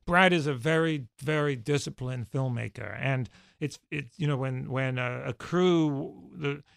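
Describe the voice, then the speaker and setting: Gravelly, halting man in an interview. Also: medium pitch, no echo, studio quality. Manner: halting, many restarts and fillers, thoughtful. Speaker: podcast guest, former studio executive. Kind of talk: conversational interview answers.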